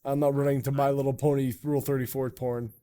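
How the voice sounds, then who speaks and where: A man's voice: mid-range voice, level tone, quick pace, mellow, clear, resonant tone. A man hosting a live stream chat in a rambling, jokey way, swearing often. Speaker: streamer and podcast host. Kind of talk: casual chat.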